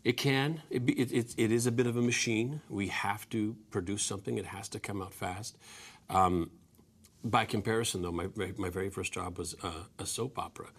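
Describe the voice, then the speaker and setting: Husky, self-deprecating actor. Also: male voice, fairly low pitch, steady tone, a little fast, fairly bright tone. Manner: self-deprecating, hesitant with fillers and restarts. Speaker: actor guest. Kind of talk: interview answers.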